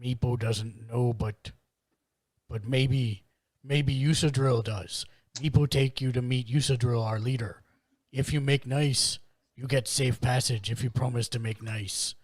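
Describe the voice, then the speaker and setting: A man's voice: mid-range voice, fairly even intonation, unhurried, no echo, natural voice. A man voicing a timid male kobold who talks in broken speech and calls himself by name in the third person. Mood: earnest.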